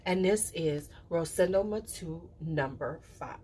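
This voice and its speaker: A woman talking casually to camera as a perfume reviewer, chatty and animated, with playful asides and quick drops to a whisper. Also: fairly low pitch, a little hiss or hum. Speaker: perfume reviewer and channel host.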